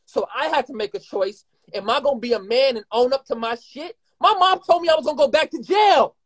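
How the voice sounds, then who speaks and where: Heated, profane high-voiced young man. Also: lively intonation. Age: 20s. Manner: heated, profane, rapid, rambling. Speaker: guest. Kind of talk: emotional live-stream conversation.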